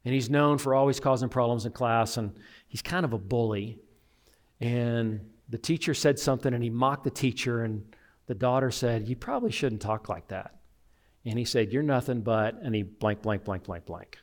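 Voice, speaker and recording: A man preaching a sermon, animated, acting out the voices of people he quotes. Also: mid-range voice, moderate pace. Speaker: pastor.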